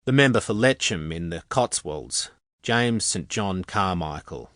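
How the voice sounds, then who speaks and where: A man's voice: low voice, lively intonation, unhurried, a bit bright, no room sound. A man narrating a novel in the first person, with a wry, conversational storytelling manner, close on the mic. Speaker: audiobook narrator.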